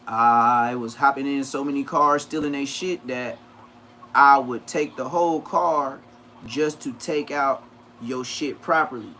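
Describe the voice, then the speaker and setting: A man's voice: mid-range voice, measured pace, slight background noise. A man, telling profane stories on a casual livestream and acting out what people said in a raised voice. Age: 30s. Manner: animated, profane, acts out quotes in a raised voice.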